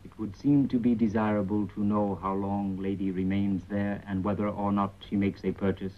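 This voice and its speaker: Actor playing a low, measured spymaster. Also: male voice, little pitch movement, lightly acted. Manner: measured, formal, drops articles. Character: calm man speaking in aphorisms, watchful spymaster. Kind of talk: 1930s film acting. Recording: dull 1930s film soundtrack.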